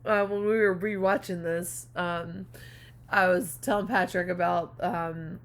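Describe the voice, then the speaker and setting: A woman's voice: lowish voice, steady tone, measured pace. A woman co-hosting a podcast in casual chat, telling stories loosely and laughing often. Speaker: podcast co-host.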